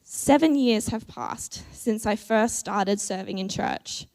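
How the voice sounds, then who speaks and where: A woman preaching a church sermon in a measured, earnest way, with deliberate pauses. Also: mid-range voice, a little mellow.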